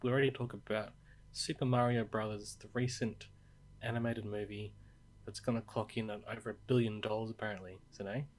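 A man's voice: fairly low pitch, steady tone, brisk. A man co-hosting a casual podcast, quizzing his co-host playfully and laughing often. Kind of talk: casual chat.

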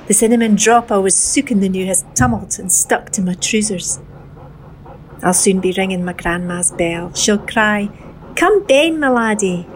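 A woman recites a dialect poem with sing-song, heightened phrasing. Her pitch is mid-range, and faint room ambience sits beneath her. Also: moderate pace, a little hiss or hum, low-quality recording. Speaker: guest reader. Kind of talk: poetry recitation.

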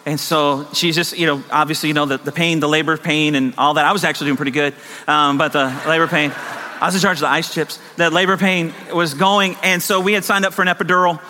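High, bright-voiced man preaching in a hall. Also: steady tone, fast, a little hiss or hum. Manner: emphatic, repetitive preaching that swells and drops. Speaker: pastor. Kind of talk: sermon. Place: church sanctuary. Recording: long reverb of a large hall.

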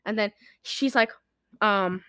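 A woman co-hosting a podcast, casually retelling a movie with animated storytelling and lots of fillers. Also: medium pitch, slow pace, smooth, no echo, clean studio sound. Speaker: podcast co-host. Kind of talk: casual movie recap chat.

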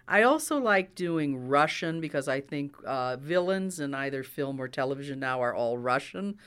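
Smooth-voiced man, an accent coach. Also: medium pitch, expressive, normal speed, hardly any pauses, fairly bright tone. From United States. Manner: explanatory, enthusiastic about accents. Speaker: actor and dialect coach. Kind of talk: interview answers.

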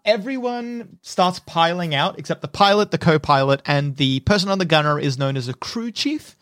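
Game master, man, high lively voice, close dry mic. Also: normal speed, dry recording. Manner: vivid, animated narration with sound effects. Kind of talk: narrating a tabletop game.

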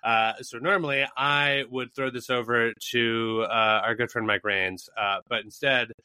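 Male podcast co-host, sharp and bright, worked-up and foul-mouthed, recorded dry. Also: medium pitch, unhurried, clean tone, no echo. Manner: profane, heated, animated. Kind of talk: casual podcast rant.

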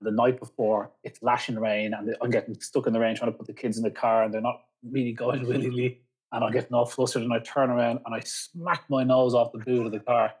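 A man chats on a podcast call, quick to laugh and fond of a long story. His voice is a little husky and sits at an ordinary pitch. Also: little pitch movement. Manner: chatty storyteller, laughing often. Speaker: podcast co-host. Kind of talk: casual chat. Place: video call.

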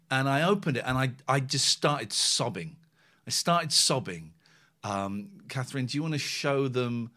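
Man, podcast co-host, casual chat, lively swooping pitch, emotional storyteller. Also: moderate pace.

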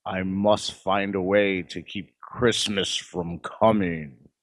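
A man's voice: deep voice, fairly even intonation, slow, no echo. A man voicing the Grinch, a sour, scheming Christmas-hating creature who snarls and growls his lines in an amateur audio drama.

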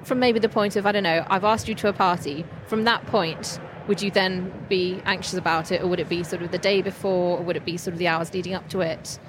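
A woman's voice: on the low side, steady tone, fairly quick, few pauses. A woman co-hosting a podcast, asking rambling, chatty questions in a casual conversation. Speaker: podcast co-host. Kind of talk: casual interview chat. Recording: noisy background hiss.

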